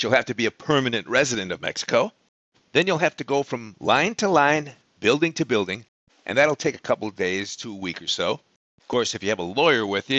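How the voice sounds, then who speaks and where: A man's voice: mid-range voice, pushed and bright, dry recording, highs cut off. A man delivering a sarcastic, ranting explainer monologue that keeps asking the listener questions. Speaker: vlogger on life in Mexico.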